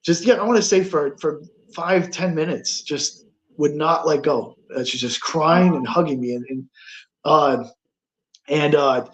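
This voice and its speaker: A man telling a ghost story as a guest on a paranormal talk show, halting, with many fillers and restarts. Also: fairly high pitch.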